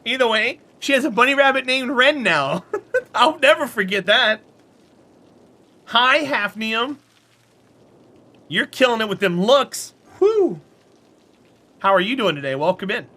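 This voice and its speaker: A man's voice: extremely high pitch, sing-song, unhurried, pauses often, sharp tone. A man streaming a game and chatting casually with his viewers, friendly and talkative, answering chat by name and laughing often.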